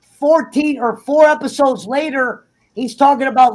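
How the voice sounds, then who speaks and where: A man in casual, heated chat, swearing freely and acting out characters in quick asides. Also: very high voice. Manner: profane, animated, acts out characters in quick asides. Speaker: guest on a TV review talk show.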